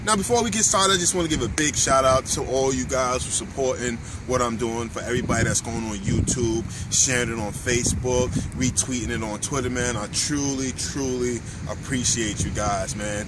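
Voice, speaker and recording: A man's voice: medium pitch, normal speed, few pauses, very noisy. A man hosting a motivational talk to camera outdoors, preachy and emphatic, repeating his key lines. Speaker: motivational video host. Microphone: camera mic, filmed by his wife.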